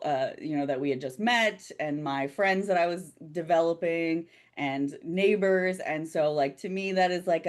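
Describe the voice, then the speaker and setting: A chatty woman who laughs often, running a tabletop game as game master in casual chat. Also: low-pitched. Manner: giggly, chatty.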